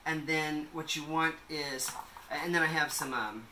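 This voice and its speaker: A man's voice: on the high side, measured pace, noisy background. A man in a casual home kitchen vlog, talking in a loose, rambling way with many fillers as he makes a salad. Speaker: vlogger. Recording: echoey room, a bit distant.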